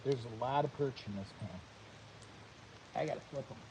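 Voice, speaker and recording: Chatty man with a gravelly voice. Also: mid-range voice, normal speed, noisy background. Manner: upbeat, chatty, addresses viewers directly; talks while eating and cooking. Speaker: vlog host. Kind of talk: casual chat to camera.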